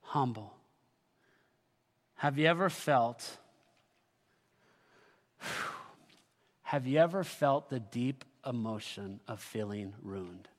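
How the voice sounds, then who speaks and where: A man preaching a sermon as pastor, moving between loud proclamation and quiet, personal talk with the congregation. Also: mid-range voice, takes it slowly, long pauses, big-room sound. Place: church sanctuary.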